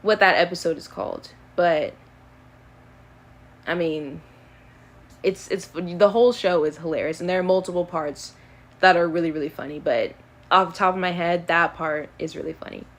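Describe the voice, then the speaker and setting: Young woman, early twenties, live streamer, casual rambling chat, many fillers, slightly low pitch. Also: normal speed, long pauses. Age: early 20s. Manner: rambling, filler-heavy, easygoing. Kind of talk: casual chat answering questions.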